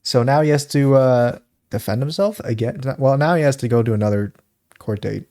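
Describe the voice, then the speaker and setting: A man's voice: mid-range voice, normal speed, mellow. A man co-hosting a podcast, telling a story in rambling casual chat, often stopping to act out what people said. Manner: rambling, laughs often, acts out quotes. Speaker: podcast co-host.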